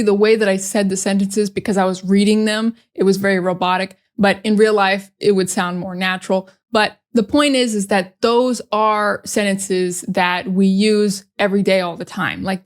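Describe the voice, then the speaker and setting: A woman gives a casual English lesson. She speaks frankly and emphatically, and she is not shy about her strong opinions. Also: medium pitch. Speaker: English teacher.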